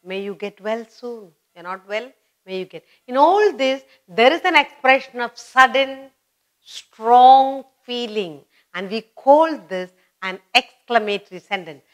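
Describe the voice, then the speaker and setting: A woman with an Indian English accent teaching a grammar lesson, slowly and patiently repeating example sentences. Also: a little high, lively intonation.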